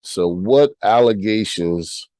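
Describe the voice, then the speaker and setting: A sick American podcast host with a nasal, stuffy voice, talking bluntly and reading news aloud. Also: male voice, on the low side, animated, takes it slowly, warm tone, dry recording, rough recording. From United States. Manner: blunt, repeats himself, swears freely.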